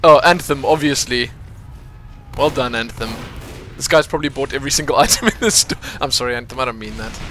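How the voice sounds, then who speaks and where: A man casually commentating his own online shooter match, excitable and chatty, laughing often and calling out to teammates. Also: mid-range voice, brisk. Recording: noisy game audio under the voice.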